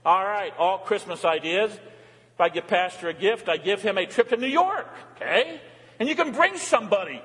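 An older man preaches from the pulpit with a fairly high voice that swings between hushed, intimate lows and excited peaks. His words ring out with a long church reverb behind them. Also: normal speed. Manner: warm, animated preaching with dramatic drops and rises. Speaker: pastor. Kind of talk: sermon. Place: large church sanctuary.

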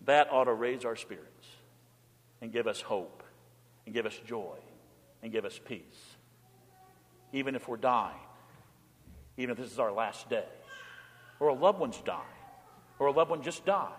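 A man pastor preaching a sermon with emphatic delivery, swinging between forceful passages and hushed ones. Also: medium pitch, animated, unhurried, pauses often. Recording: long hall reverb.

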